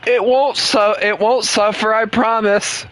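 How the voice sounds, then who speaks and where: This man's voice is high, fairly bright, and a little slow, with fairly even intonation. He's a streamer at home playing an online game with friends, chatting casually and trading jokes and rambling talk with his team.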